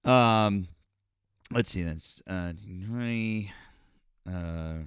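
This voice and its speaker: A man's voice: on the low side, very slow, clean tone, no echo, studio quality. A man hosting a political livestream, thanking donors one by one, then turning blunt and profane with a caller. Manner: grateful shout-outs, blunt and profane when arguing. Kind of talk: casual livestream chat.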